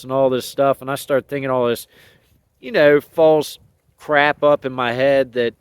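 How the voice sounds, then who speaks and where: A man's voice: medium pitch, steady tone, normal speed, clean tone, dry recording. Laid-back folksy man, dry close sound. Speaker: dog owner sharing training thoughts. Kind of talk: casual outdoor vlog talk. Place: outdoors with his dogs.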